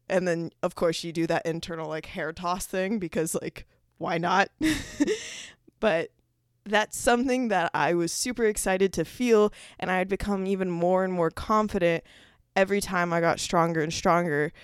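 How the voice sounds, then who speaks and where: Young adult woman, podcast host; lowish pitch, clean dry close-mic sound, chatty animated delivery. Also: smooth, dry recording. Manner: chatty and animated, with laughs and self-corrections. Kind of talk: casual solo podcast talk.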